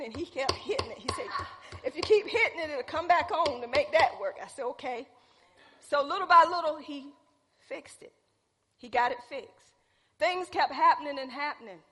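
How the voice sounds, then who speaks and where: A woman preaching a sermon, telling stories and calling out to the congregation in an animated way. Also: high-pitched. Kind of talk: sermon with personal storytelling. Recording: long hall reverb.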